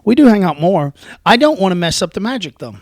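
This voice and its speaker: Higher-voiced Southern man, dry sound. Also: big pitch swings, quick pace, no echo. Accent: rural Southern American. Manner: reflective, rambling, laughs easily. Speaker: podcast host. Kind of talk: casual conversation.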